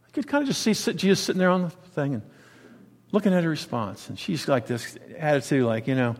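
High-voiced preacher in a reverberant hall. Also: male voice, brisk. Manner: conversational, animated, searching for words. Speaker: pastor. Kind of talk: sermon. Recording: long reverb of a large hall.

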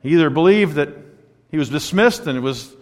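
High-voiced preacher in a reverberant hall. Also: male voice, expressive, fairly quick. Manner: storytelling, swings from loud emphatic to hushed. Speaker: pastor. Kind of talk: sermon.

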